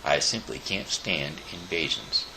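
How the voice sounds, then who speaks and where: A fussy, indignant boar from a children's storybook, as a man reads him out. The voice is gravelly and low, with lively rises and falls. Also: measured pace, background noise, full character voice. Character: fussy male boar who hates invasions. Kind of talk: storybook read-aloud.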